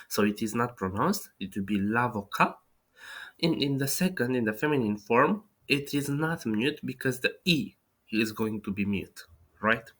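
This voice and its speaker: A man teaches an online language lesson in a voice of ordinary, middle pitch. He restarts his sentences often and fills the gaps with small hesitations. When he demonstrates words, he slows down and says them with great care. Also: a bit bright. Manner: hesitant, with frequent restarts and fillers; slow, careful pronunciation demonstrations. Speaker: French teacher.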